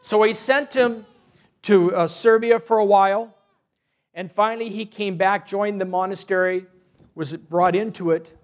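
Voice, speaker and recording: High-voiced priest telling a story. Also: male voice, steady tone. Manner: earnest storytelling, unhurried, with restarts. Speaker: parish priest. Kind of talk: sermon with a retold story.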